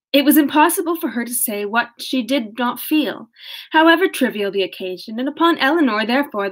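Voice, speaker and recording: A woman's voice: on the high side, a bit bright. A young woman reading a classic novel aloud, casually, correcting her slips and breaking off into laughing asides. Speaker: audiobook reader.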